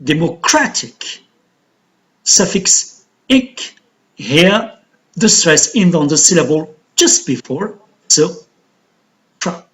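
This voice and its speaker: A man teaching an English lesson on word stress, explaining slowly and counting syllables aloud. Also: a little high, animated. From Algeria.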